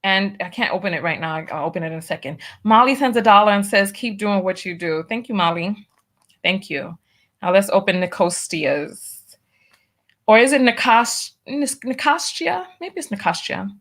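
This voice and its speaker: Her voice mid-range, animated, moderately paced, and a bit bright, a woman runs a casual commentary show. She's chatty and wry, leans on rhetorical questions, and reads viewer donations aloud.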